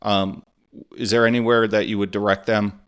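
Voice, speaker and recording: A man's voice: fairly low pitch, little pitch movement, normal speed, a bit bright, clear, resonant tone. A man hosting a podcast interview, mostly giving short supportive affirmations and asking questions. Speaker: podcast host. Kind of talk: conversational interview.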